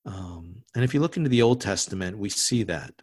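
A man preaching a sermon as pastor, conversational, often restarting and adding asides, dropping to a hush on solemn words. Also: on the low side, expressive, fairly quick.

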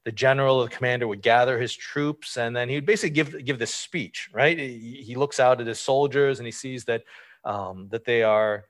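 Male preacher, mid-pitched, casual sermon delivery with rhetorical asides. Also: normal speed. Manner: informal, asks rhetorical questions, frequent fillers. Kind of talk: conversational sermon.

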